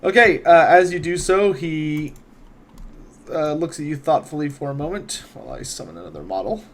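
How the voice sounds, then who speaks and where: A man narrating a tabletop game as game master, relaxed, with frequent fillers. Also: fairly high pitch, moderate pace.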